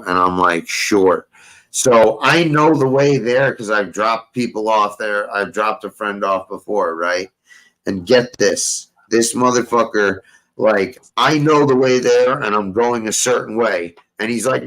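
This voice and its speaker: Young guy w a lowish voice cussing nonstop, slangy rambling story on a chat show. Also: unhurried, a bit bright, low-quality recording. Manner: profane, rambling, street slang. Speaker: podcast host.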